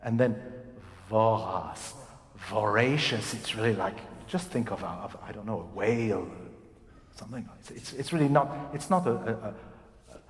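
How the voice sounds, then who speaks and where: A man's voice: lowish voice, fairly quick. A man leading a singing masterclass as a voice coach. He talks animatedly and demonstrates phrases by speaking and singing them out. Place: concert hall. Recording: roomy hall with long reverb.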